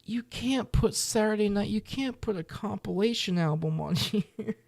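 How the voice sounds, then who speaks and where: A man's voice: high voice, normal speed, vocal fry, a little mellow, no room sound. A man reacting casually to a music list, muttering exasperated, profane comments with whispered asides.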